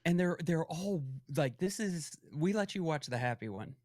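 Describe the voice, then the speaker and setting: A man's voice: on the high side, lively intonation, moderate pace, darkish tone, no echo, studio quality. A man guesting on a podcast, chatting casually and earnestly about a film.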